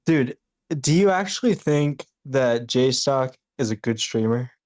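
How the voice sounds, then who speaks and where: A man's voice: medium pitch, animated, unhurried, a little mellow. A man calling into a stream, hesitant at first, then blunt in his disagreement. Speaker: caller. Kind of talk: casual call-in chat.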